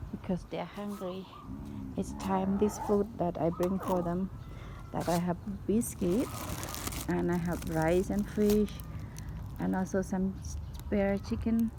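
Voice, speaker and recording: A woman's voice: medium pitch, fairly even intonation, takes it slowly, pauses often. A woman feeding stray animals at a pagoda, talking in simple English and cooing to the animals in a coaxing voice. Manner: simple non-native English, coaxing baby talk to animals. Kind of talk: casual vlog commentary. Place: outdoors at a pagoda. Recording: outdoor background noise.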